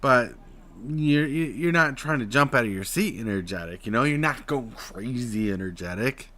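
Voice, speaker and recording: Utah man, stream host, casual chat; talks voice technique, drawl to excited emphasis, middle pitch. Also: normal speed. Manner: explains voice technique, swings between flat drawl and excited emphasis.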